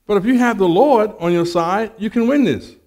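Male preacher, fairly high voice, lively storyteller, stammers and restarts. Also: normal speed. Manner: animated storyteller, acts out dialogue, stammers on restarts. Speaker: preacher giving testimony. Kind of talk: sermon with personal story.

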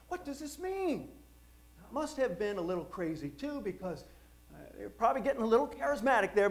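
A middle-aged man preaching a sermon, telling stories with jokes and asides in an animated way. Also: high-pitched. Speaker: pastor.

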